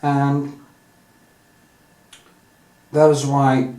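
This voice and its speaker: A man with a Norwegian accent thinking out loud as he paints, rambling candidly with many restarts and drawn-out stretches. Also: medium pitch, completely flat delivery. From Norway. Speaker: artist. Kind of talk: casual monologue while painting. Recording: echoey room, mic set at a distance.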